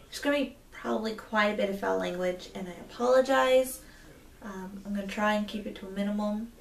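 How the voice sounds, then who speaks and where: A woman's voice: medium pitch, vocal fry, echoey room, far from the mic. A woman in her twenties telling a story to camera, indignant and rambling, with many fillers. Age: 20s. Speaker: vlogger. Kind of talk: storytime vlog.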